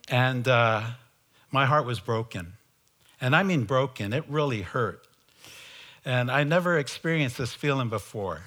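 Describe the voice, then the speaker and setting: A man telling his conversion story in a sermon, slow and halting, with many fillers and restarts. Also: mid-range voice, a bit bright. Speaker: preacher giving testimony. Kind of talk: sermon testimony.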